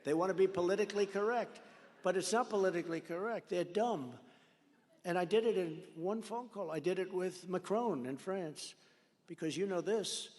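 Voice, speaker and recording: A man's voice: high-pitched, moderate pace, a little mellow. A man in his seventies giving a boastful rally speech, telling stories and acting out the dialogue. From United States. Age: 70s. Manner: boastful storytelling with acted-out quoted dialogue. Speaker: politician at a campaign rally. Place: large campaign rally venue. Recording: long reverb of a large rally venue.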